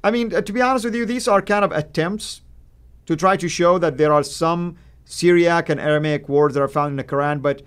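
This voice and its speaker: A man's voice: a little high, clean tone. Man reading viewer questions on a live stream. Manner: reads viewer questions, halting, with fillers. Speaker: co-host. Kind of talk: casual live-stream chat.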